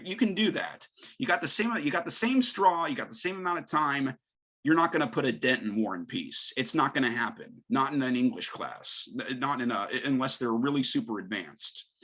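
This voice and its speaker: A male English teacher giving a conference talk, emphatic and lively, firing off rhetorical questions. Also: fairly high pitch, husky. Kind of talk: conference presentation.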